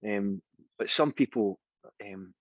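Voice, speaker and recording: Scottish man telling lively stories. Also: lowish voice, takes it slowly, dry recording. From Scotland. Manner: lively anecdotal storyteller, acts out quoted voices. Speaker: singer and interview guest. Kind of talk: casual storytelling interview. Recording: dry, dull lo-fi sound.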